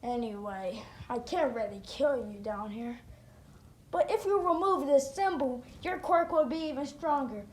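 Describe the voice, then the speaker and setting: A woman voicing a menacing male nine-tailed fox spirit with a taunting, lowered voice, recorded in a roomy space. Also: expressive, measured pace. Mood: mocking. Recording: roomy echo, faint noise.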